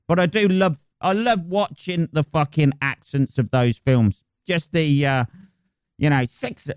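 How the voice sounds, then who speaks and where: Guy swearing and rambling on his podcast, smooth voice, dead dry sound. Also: fairly high pitch, a little slow, no echo. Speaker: podcast host. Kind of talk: casual comedic monologue. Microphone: close podcast mic.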